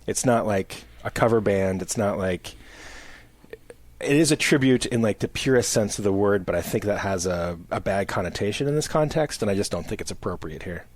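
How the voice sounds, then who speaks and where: A man's voice: lowish voice, lively intonation, normal speed, darkish tone, no echo. A man hosting a podcast, talking in a loose, rambling way full of "like" fillers. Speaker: podcast host. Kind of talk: casual chat.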